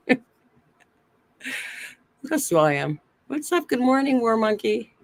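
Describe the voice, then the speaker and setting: A woman's voice: fairly high pitch, very animated, slow, no echo. A woman with a slight lisp co-hosting a casual live stream from a rented room on her phone, chatting and laughing with viewers. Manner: giggly, chatty with chat readers. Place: Airbnb room.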